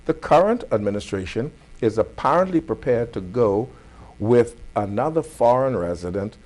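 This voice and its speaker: A man with a Bahamian accent hosting a community affairs talk show, laying out his case in a firm, deliberate way. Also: mid-range voice, animated, darkish tone. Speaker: host.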